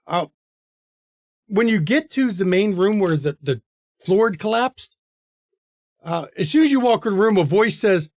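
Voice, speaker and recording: Brief: male game master, high-ish voice, relaxed filler-heavy narration, dry sound. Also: a little slow, pauses often, no room sound.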